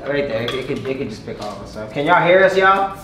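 A laid-back male streamer chatting casually with his viewers. His voice sits at a middling pitch and rings out in a very echoey room, picked up from a distance with clear background noise. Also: lively intonation, fairly quick. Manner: laid-back, keeps addressing the chat. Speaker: streamer host. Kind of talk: casual livestream chat. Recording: roomy, distant mic, noisy.

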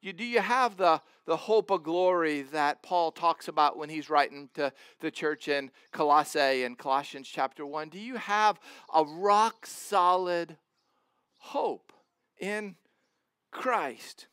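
Earnest high-voiced preacher man. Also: takes it slowly, fairly bright tone, smooth, no room sound, clean studio sound. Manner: earnest, emphatic, repeats words and restarts. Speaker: pastor. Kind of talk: sermon.

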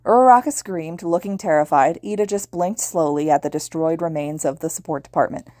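Low-voiced woman reading fan fiction. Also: darkish tone, no room sound, clean studio sound. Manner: quick, casual narration with slips. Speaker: podfic reader.

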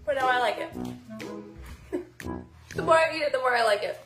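A woman's voice: sits high, moderate pace, reverberant, over music. A woman casually reviewing snacks on camera, chatty and giggly, sometimes talking with her mouth full. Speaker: snack taster.

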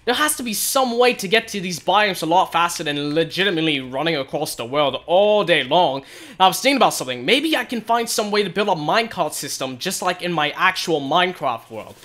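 A young man giving excited commentary on his own gameplay, often exclaiming and shouting as things happen. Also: sits high, brisk. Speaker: gaming video host.

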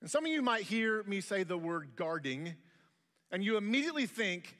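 A man's voice: high-pitched, very animated, moderate pace, a bit bright, long reverb tail. A man preaching a sermon as pastor, telling a humorous childhood story with playful asides.

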